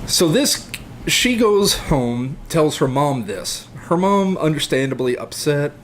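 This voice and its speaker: A middle-aged man on a podcast, telling a comic personal story in a deadpan, rambling way full of hesitations. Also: on the high side, slow, slight background noise. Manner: rambling, deadpan, hesitant with many ums and uhs. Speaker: podcast co-host.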